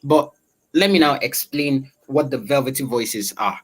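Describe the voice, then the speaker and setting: Man, voice coach; velvety tone, drawn-out explanatory delivery in an online session. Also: medium pitch, rough recording. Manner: explanatory, drawn-out, filler-heavy. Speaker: voice-over coach. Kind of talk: online class talk.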